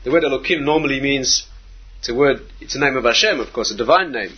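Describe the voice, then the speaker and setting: A man, a rabbi, giving a Torah lecture in an animated way, repeating phrases and asking rhetorical questions. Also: medium pitch, quick pace, breathy edge, highs cut off.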